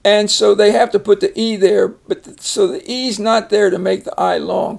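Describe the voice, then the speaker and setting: An older man teaching a phonics lesson, explaining each word slowly and patiently. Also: high-pitched, fairly even intonation, creaky. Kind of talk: casual reading lesson.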